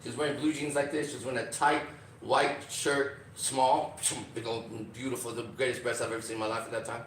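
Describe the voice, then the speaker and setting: A man's voice: mid-range voice, level tone, a little fast, a bit bright. A man hosting a podcast, telling a story with energy, acting out the lines people said and often asking "right?". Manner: acts out quoted lines, often adds "right?". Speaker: podcast host. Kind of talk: animated storytelling. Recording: roomy, distant mic with faint noise.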